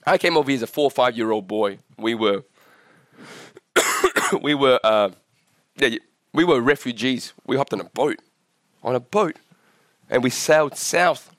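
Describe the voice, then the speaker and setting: A man's voice: expressive, unhurried, pauses often, fairly bright tone, no room sound, studio quality. A man in his forties, originally from Vietnam, preaching a sermon in a church while sick and coughing, impassioned and often asking the congregation questions. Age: 40s. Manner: impassioned, rising in pitch at climaxes, asks the crowd questions. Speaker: pastor.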